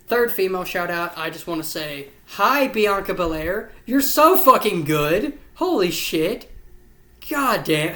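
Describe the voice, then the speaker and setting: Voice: mid-range voice, expressive, measured pace, sharp tone, echoey room. A vlog host rambling casually to camera, gushing and swearing a lot, sounding tired. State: tired, yawning. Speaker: YouTube host. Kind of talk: casual ranking chat to camera.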